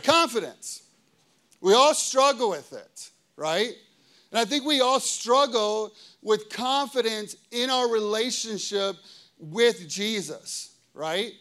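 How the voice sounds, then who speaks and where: A middle-aged man, a pastor, preaching a casual sermon, telling family stories and checking in with the audience. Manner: casual, conversational, lots of "okay?" and "right?" checks with the audience; animated storytelling, pitch and volume swinging widely.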